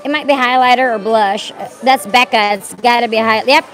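A woman's voice: on the high side, a little fast. A woman hosting a casual live stream, chatty and effusive, often saying "like" and "girl". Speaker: livestream host. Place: busy outdoor waterfront venue. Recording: music and crowd noise behind.

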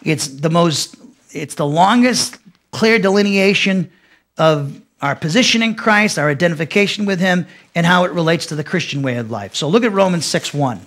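A man's voice: fairly high pitch, animated, moderate pace, a bit bright. A man teaching a Bible lesson as pastor, emphatic, often restarting and repeating phrases.

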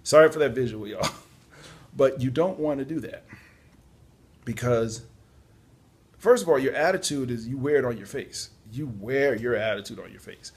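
A man's voice: medium pitch, animated, moderate pace, long pauses, breathy edge. A tired man giving casual, chatty job-search advice, yawning at times and adding apologetic asides. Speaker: podcast host on job search. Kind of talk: casual spoken advice talk.

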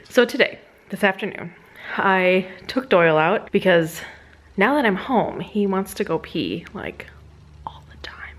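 A woman vlogger at home on a sofa, telling a funny story in a chatty, animated way and laughing often. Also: mid-range voice. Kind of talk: casual storytelling vlog.

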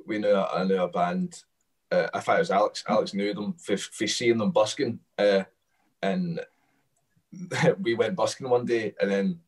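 A Scottish man chats casually as a musician guest and rambles through fillers and restarts. His voice sits low and sounds distant from the microphone, as on a video call. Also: steady tone, normal speed. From Scotland. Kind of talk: casual panel chat.

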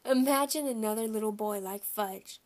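A woman voicing a gentle, amused mother with a lilting way of talking in a storybook reading. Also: fairly high pitch, moderate pace, natural voice.

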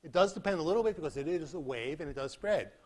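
A man giving a university physics lecture in a hall, animated and demonstrating with sound effects. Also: on the high side, fast talker. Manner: animated, acts out beeping sounds and demonstrates with props. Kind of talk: classroom lecture.

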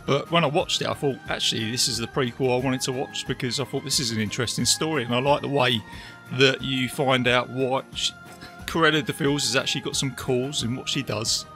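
An English man with an English accent talks films on a podcast in a bright, sharp-toned voice, friendly and quick to laugh. His pitch sits in an ordinary middle range, with faint music underneath. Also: fairly even intonation. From England. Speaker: podcast host. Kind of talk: casual chat.

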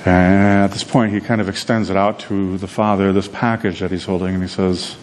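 A man preaching a sermon, telling a story in a conversational, animated way with frequent repeated words. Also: sits low, a little fast, hardly any pauses, a little hiss or hum. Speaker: pastor.

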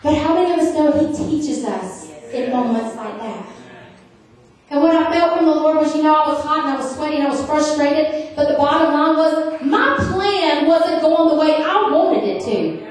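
A woman's voice: sits high, normal speed. A middle-aged woman preaching a revival sermon, telling funny stories and calling for amens from the congregation. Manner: humorous, emphatic, asks the crowd for amens. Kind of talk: storytelling sermon with call and response. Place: large church sanctuary. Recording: very echoey hall, distant mic.

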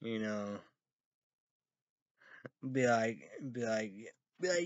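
A man rambling profanely on a stream, swinging from low mumbles to loud outbursts. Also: animated, drawn-out words, long pauses, muffled recording. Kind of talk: rambling live stream talk.

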